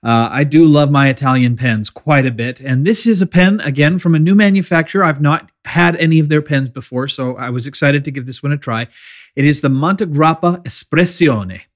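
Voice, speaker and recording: A man hosting his own channel and giving a relaxed, chatty review of a product, with fillers and small self-corrections. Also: on the high side, a little fast. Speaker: pen reviewer and channel host.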